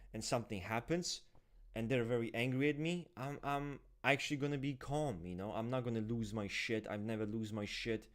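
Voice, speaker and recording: A man of middle pitch hosts an unscripted chat about personality types. He talks fast and loose and swears freely, ranting one moment and joking the next. He slips into exaggerated voices for the people he quotes. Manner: profane, ranting and animated. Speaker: typology show host. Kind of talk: casual unscripted chat with viewers.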